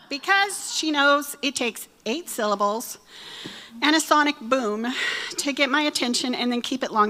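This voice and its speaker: A woman's voice: on the high side, fairly bright tone. A woman in her sixties giving a chatty, self-deprecating, joking talk to a church women's group. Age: 60s. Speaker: women's Bible study speaker. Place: church hall.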